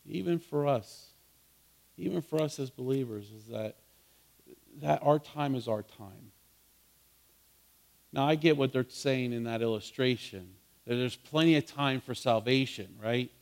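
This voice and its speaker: A man's voice: mid-range voice, a little slow, vocal fry, long pauses, darkish tone. A man pastor preaching a sermon, earnest, repeating words and asking his listeners questions.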